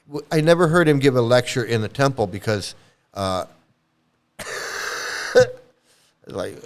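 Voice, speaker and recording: A man talks off the cuff in a loose commentary monologue, his voice sitting at an ordinary middle pitch. He is blunt and profane, circling back over his words with fillers and false starts. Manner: rambling, blunt, profane, many restarts and fillers. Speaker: ex-cult commentator.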